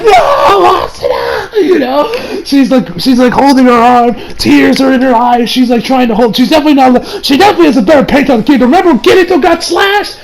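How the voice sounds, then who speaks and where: A man with a high voice and a gravelly, fry-laden edge talks through an anime episode in a loose, rambling way. He is slangy and excitable and keeps breaking into laughter, with a faint hiss underneath. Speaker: anime reviewer. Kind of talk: casual episode review.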